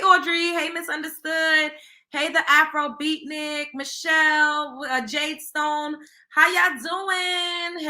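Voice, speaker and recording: A young adult woman hosting a casual gossip livestream, blunt and animated, swearing freely and acting out quotes as she gives her opinions. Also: high-pitched, echoey room. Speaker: host of a celebrity gossip livestream.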